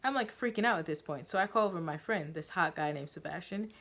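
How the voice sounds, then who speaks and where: Woman doing a mouthy troubled teen girl, crude and quick to snap, lowish voice. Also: a bit bright. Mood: gossipy. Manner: blunt, crude and quick to anger. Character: brash, defensive troubled teenage girl patient.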